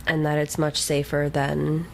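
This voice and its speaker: A woman's voice: sits low, completely flat delivery, a little slow, creaky, a little mellow, a little hiss or hum, poor audio. A woman co-hosting a casual book podcast, talking loosely and swearing freely. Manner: casual and profane, with frequent agreeing fillers. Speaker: podcast co-host.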